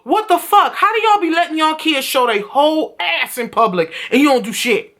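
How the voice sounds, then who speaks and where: A woman's voice: high voice, lively intonation, normal speed, fairly bright tone. A young woman vlogging at home, telling stories in a blunt, profane rant. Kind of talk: casual vlog rant.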